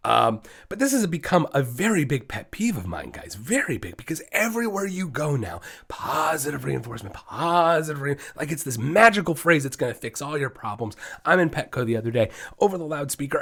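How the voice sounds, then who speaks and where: A man's voice: mid-range voice, fairly bright tone. A man hosting his own dog training podcast, talking solo in an emphatic, fired-up way that often slides into ranting.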